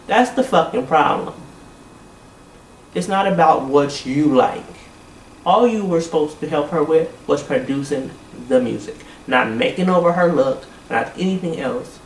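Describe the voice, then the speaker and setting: A man's voice: on the high side, a little slow, reverberant, recorded from a distance, a little hiss or hum, low-quality recording. A man giving a blunt, exasperated recap of a reality TV episode, swearing freely and talking casually.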